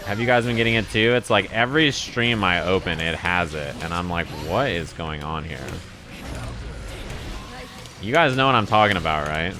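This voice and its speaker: A man's voice: fairly low pitch, animated, a little fast, hardly any pauses, noisy background. A man rambling and swearing casually to his chat while playing a fighting game live. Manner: profane, rambling, exasperated. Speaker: streamer.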